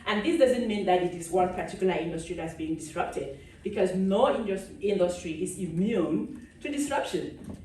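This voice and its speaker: Woman from Cameroon, keynote speaker, lively and laughing, faint background noise. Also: fairly low pitch. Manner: lively, laughs often, chats with the audience. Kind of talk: conference keynote talk. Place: large conference hall. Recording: echoey hall, speaker far from the mic.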